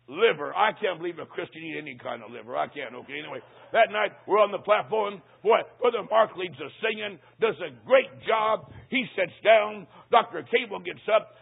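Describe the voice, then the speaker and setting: A man's voice: high voice, normal speed, creaky, few pauses, breathy edge. A man preaching a comedic sermon, telling a story in a folksy, punchy way. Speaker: traveling preacher. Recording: tinny phone-like sound.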